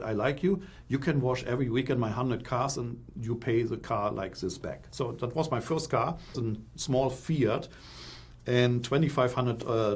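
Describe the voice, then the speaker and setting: A middle-aged man from Germany with a German accent, a guest in an interview, telling his story with animated, acted-out quotes. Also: mid-range voice, husky.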